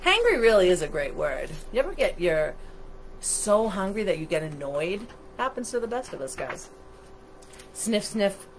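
A woman's voice: mid-range voice, very animated, moderate pace, a little hiss or hum. A woman reading a picture book aloud to children on a livestream, chatty and asking her listeners questions, through a computer microphone. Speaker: storytime reader.

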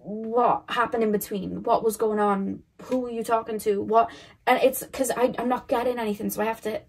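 A woman's voice: a little high, fairly even intonation, normal speed, breathy edge. Rambling young woman giving a tarot reading. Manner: rambling, questioning, many fillers and restarts. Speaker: tarot reader. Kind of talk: casual tarot reading monologue.

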